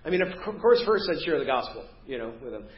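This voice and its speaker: A man preaching a sermon as pastor, animated and acting out the voices of the people in his story. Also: a little high, quick pace. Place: church sanctuary. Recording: roomy, dull church recording.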